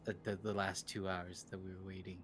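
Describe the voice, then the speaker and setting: A young man playing his character in a tabletop game, speaking softly with halting restarts. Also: sits low, level tone, a little hiss or hum. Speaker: player.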